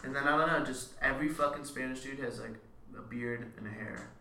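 A man's voice: mid-range voice, fairly quick, gravelly, background noise. A man in casual podcast chat, swearing often and laughing a lot. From Canada. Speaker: podcast co-host. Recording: echoey room with crowd behind.

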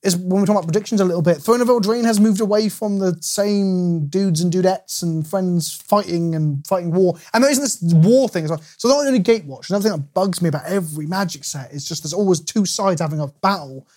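A man's voice: high-pitched, fast talker, few pauses, darkish tone. A man with an English accent, co-hosting a casual chat in a chatty, rambling way. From England. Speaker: co-host, card game video maker.

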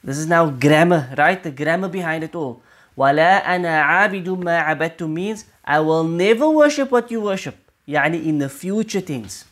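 A male teacher giving an explanatory religious lesson. He often checks in with the listener and recites short Arabic verses quickly between his explanations. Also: fairly high pitch, expressive. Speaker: teacher of Quranic interpretation.

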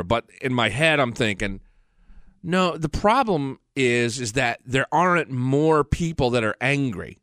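A man's voice: mid-range voice, animated, unhurried, fairly bright tone, smooth, no room sound. A middle-aged man hosting his own podcast from a studio, talking in a blunt, profane, fired-up rant. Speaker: podcast host. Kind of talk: casual ranting monologue. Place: professional studio.

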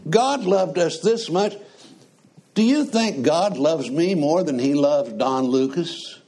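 A man preaching a sermon in a slow, conversational way, often asking the congregation questions. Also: a little high, animated, a little mellow.

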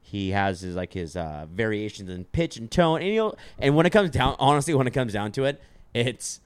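A man's voice: medium pitch, sing-song, a little fast, clean tone, dry recording. A man hosting a podcast, chatting casually in a rambling, jokey way with lots of fillers. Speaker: podcast host.

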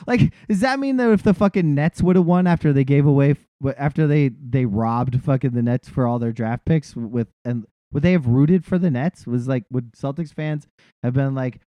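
A man's voice: mid-range voice, moderate pace, dry recording, lo-fi sound. A man from the Boston area co-hosting a sports podcast, ranting with lots of swearing and laughing through his words. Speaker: podcast co-host. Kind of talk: casual sports chat.

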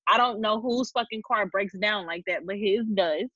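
A woman's voice: medium pitch, normal speed, fairly bright tone, no echo. A woman co-hosting a podcast in casual chat, blunt and ranting, swearing freely. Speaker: podcast co-host. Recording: dull lo-fi audio.

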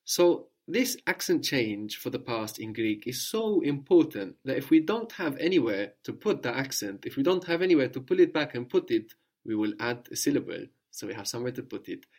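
A man's voice: mid-range voice, big pitch swings, normal speed, hardly any pauses, a little mellow. Patient male language teacher, prompting answers. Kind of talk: spoken language lesson.

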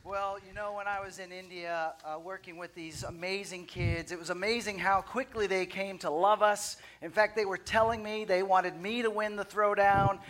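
A man's voice: high-pitched, steady tone, normal speed, hardly any pauses, fairly bright tone. Man preacher, flustered, jokey asides mid-sermon, faint background hiss. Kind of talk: comic sermon challenge. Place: church stage.

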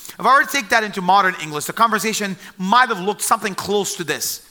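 Bright high-voiced man preaching a sermon. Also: fast talker. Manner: animated storytelling, acts out voices of the story.

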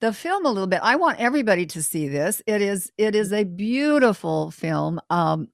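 A woman's voice: mid-range voice, sing-song, normal speed, creaky, no echo, studio quality. A woman hosting a casual interview, talking in a rambling way with frequent restarts. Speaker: talk show host.

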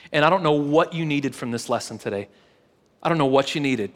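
A man preaching a casual, earnest sermon to a live church service, telling a personal story and then leading a hushed prayer with many repeated words. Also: fairly high pitch, brisk, big-room sound. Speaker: pastor.

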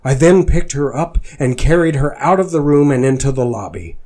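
A man reading a fan story aloud with earnest mock drama, his pitch sitting in a middle range. He carries the narration steadily, leaning into the melodramatic moments. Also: expressive, normal speed, darkish tone. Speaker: fanfiction reader.

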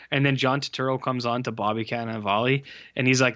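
A man's voice: mid-range voice, fairly even intonation, fast talker, few pauses, fairly bright tone. Man, casual movie rant, swearing and rambling, slightly dull lo-fi sound. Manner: rambling, profane, lots of "like" fillers. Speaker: podcast co-host. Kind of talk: casual movie review chat.

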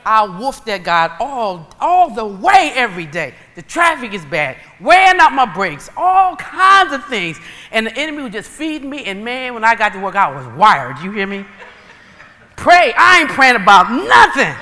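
Woman preacher, animated storyteller acting out dialogue, bright tone, long hall reverb. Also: a little high, moderate pace. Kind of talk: sermon.

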